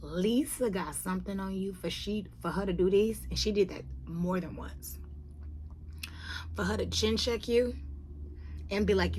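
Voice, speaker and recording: A woman's voice: medium pitch, a little slow, long pauses, a little mellow, a little hiss or hum. A woman giving a sassy, slangy, emphatic recap of a reality TV episode. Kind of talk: casual recap commentary.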